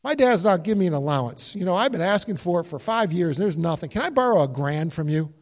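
A man's voice: high-pitched, animated, fast, long reverb tail. A man voicing a sheepish teenage boy who asks to borrow money and stammers apologies. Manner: apologetic, hesitant.

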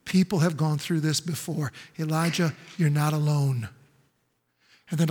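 A man's voice: on the high side, steady tone, unhurried, darkish tone. A male pastor preaching a sermon in an emphatic, repetitive way, full of rhetorical questions. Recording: echoey hall with long reverb.

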